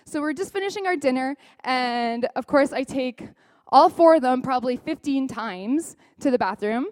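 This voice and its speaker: A woman tells a personal testimony from the pulpit. Her voice sits fairly high. She is a lively storyteller who slips into the dialogue as she goes, and the sound is close and dry. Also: normal speed, no room sound. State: briefly choked up. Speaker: speaker sharing a personal testimony. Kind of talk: sermon storytelling.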